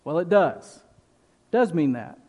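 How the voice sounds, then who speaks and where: Slow, emphatic preacher in a big hall. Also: male voice, on the high side, big pitch swings, mellow, husky, highs cut off. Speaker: pastor. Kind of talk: sermon. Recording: long reverb of a large hall.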